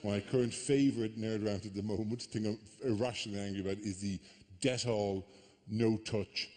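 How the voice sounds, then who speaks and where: An Irish man doing live stand-up comedy on a theatre stage, telling stories with animated mock outrage. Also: lowish voice, normal speed. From Ireland. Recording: live theatre with long reverb.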